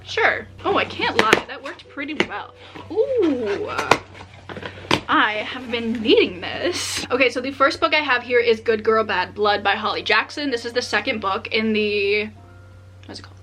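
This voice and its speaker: A young adult woman vlogging casually as she unboxes books, excitable and chatty with many filler words. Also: a little high, moderate pace, soft background music. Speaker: book vlogger.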